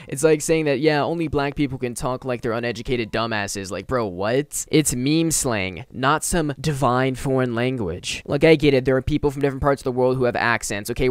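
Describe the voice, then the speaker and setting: Slangy, exasperated male commentator, mid-pitched with a smooth tone. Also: no echo. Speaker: commentary YouTuber. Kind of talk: casual ranting commentary.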